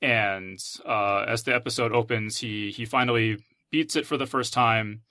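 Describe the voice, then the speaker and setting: Bright-voiced male podcast host. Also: lowish voice, normal speed, no echo, clean studio sound. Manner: relaxed, summarizing at length. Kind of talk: casual chat.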